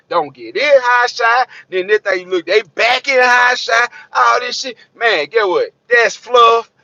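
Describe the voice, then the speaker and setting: Trucker dude, high voice, cussing and preaching at the camera, dull lo-fi sound. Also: male voice, bright, forceful tone, dry recording. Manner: profane, streetwise, preachy, repeats himself. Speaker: hotshot trucker vlogger. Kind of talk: blunt unscripted rant to camera. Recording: dull lo-fi recording.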